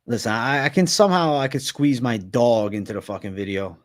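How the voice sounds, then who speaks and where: A man's voice: mid-range voice, a little fast. A young man from Massachusetts hosting a livestream, chatting loosely and swearing constantly while reading viewer comments aloud. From Massachusetts, USA. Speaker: livestream host.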